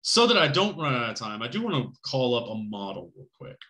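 A man's voice: mid-range voice, big pitch swings, fairly quick, sharp tone, reverberant, slight background noise. A man teaching a college class, speaking casually with many fillers, frequent "right?" checks and joking asides. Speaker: college instructor. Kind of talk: recorded class lecture.

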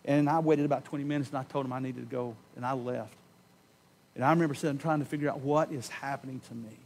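A man preaching a sermon in a church, giving an impassioned personal testimony that swings from loud emphasis to hushed tones and slows on key words. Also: mid-range voice, steady tone, a little hiss or hum. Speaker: pastor. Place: church sanctuary.

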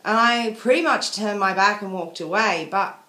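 A woman's voice: medium pitch, normal speed, pushed and bright. A woman venting in a casual video diary, rambling and apologetic. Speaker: vlogger. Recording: echoey room.

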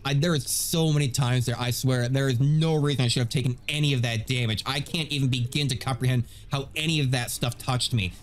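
Ranting male gameplay streamer. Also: medium pitch. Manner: animated, ranting, laughing. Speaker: gaming YouTuber. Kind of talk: gameplay commentary.

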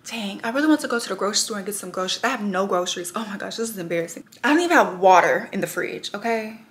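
A woman's voice: mid-range voice, animated, racing. A young woman hosting a casual home vlog, talking straight to her viewers in a chatty, self-deprecating way. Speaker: vlog host. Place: at home indoors. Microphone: handheld camera.

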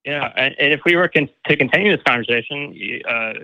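A man calling in to a talk show, speaking haltingly with lots of restarts and sounding grateful. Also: medium pitch, no echo. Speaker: caller. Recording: dull phone-line audio.

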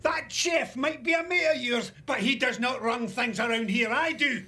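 An actor playing a furious, bullying Scottish oil rig boss in a video game, harsh, barking and foul-mouthed. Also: male voice, very high voice, moderate pace, bright, forceful tone, heavily acted. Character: furious middle-aged male rig boss, bullying tyrant.

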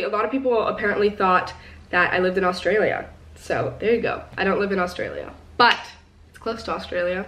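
A woman's voice: medium pitch, fairly bright tone. Chatty teenage girl in a roomy space. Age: teens. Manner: chatty and rambling, lots of fillers. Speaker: vlogger. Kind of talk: casual vlog chat to viewers. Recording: roomy sound, some distance from the mic.

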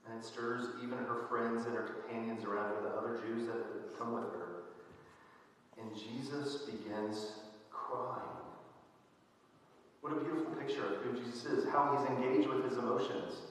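A pastor preaching an earnest sermon, his voice growing louder and more emphatic on key points. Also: medium pitch, fairly even intonation, moderate pace, slight background noise. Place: church sanctuary. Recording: echoey church hall, voice from a distance.

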